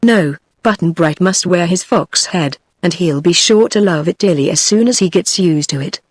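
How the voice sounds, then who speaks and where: This is a synthetic woman's voice with a British accent, fairly low and a little breathy, reading at a normal pace with an even, text-to-speech delivery. It voices a vain, pompous fox king from a storybook, recorded cleanly in a studio with no echo.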